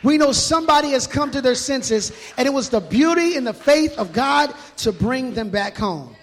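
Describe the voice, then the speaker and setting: A male pastor preaching a sermon in a church, animated and emphatic, mixing in casual street slang. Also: very high-pitched, normal speed. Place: church hall. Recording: long reverb of a large hall.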